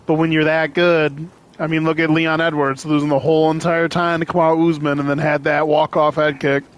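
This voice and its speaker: A man's voice: a little high, brisk. A man in casual sports chat, telling stories with lots of swearing and acting out other people's lines. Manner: animated storytelling, heavy swearing, acts out quotes loudly.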